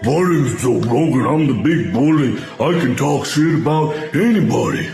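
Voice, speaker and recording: A man voicing a boastful, swaggering bully, speaking in slow, drawling taunts. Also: medium pitch, animated, a little mellow, soft background music, lightly acted.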